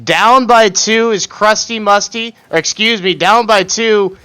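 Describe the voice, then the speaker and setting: A man's voice: sits high, unhurried, bright, forceful tone, smooth. A man doing color commentary on an esports match, cracking puns and laughing often.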